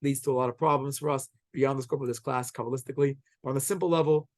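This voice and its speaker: A man teaching a Torah class, telling the story with animated acted-out quotes. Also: medium pitch, no echo. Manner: animated, quotes characters in quick acted voices.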